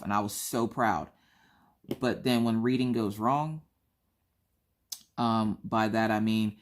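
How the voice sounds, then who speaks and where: Woman in her 30s just chatting about her family, doing everyone's voices, real lively. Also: extremely low pitch. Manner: animated, acts out family members' voices. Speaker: vlogger. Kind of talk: casual storytelling chat.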